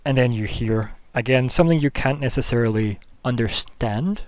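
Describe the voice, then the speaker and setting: A man's voice: mid-range voice, normal speed, a little mellow, no room sound. A man narrating as game master of a tabletop game, rambling through scene descriptions with lots of fillers.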